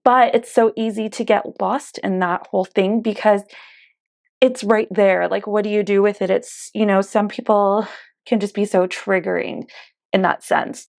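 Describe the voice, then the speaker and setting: Chatty young woman with a heavy vocal fry. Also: mid-range voice, steady tone, normal speed, darkish tone, dry recording, clean studio sound. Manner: chatty, confiding, many fillers like "you know" and "like". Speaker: beauty vlogger. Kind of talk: casual get-ready-with-me chat.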